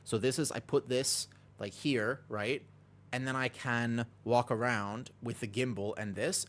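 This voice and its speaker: A man streams casually from home on a desk microphone, rambling, poking fun at himself and reading his chat aloud. His medium-pitched voice stays fairly even in intonation and unhurried.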